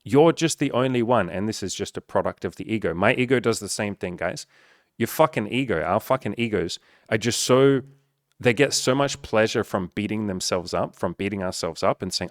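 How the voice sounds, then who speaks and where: A man's voice: on the low side, moderate pace, dry recording, clean studio sound. A man speaking as a dating coach in a blunt, profane, emphatic motivational monologue.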